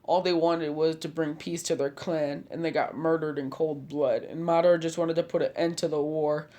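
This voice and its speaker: A man's voice: on the high side, little pitch movement, normal speed, darkish tone, natural voice. A man voicing an earnest young boy ninja. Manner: earnest, heartfelt. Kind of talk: fan fiction reading with voices.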